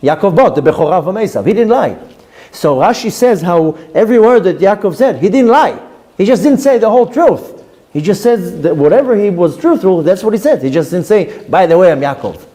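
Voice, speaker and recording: A man, a rabbi giving a Torah class and telling stories with lively, acted-out quotes. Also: brisk. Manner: lively storytelling, voices quoted speakers with big pitch jumps.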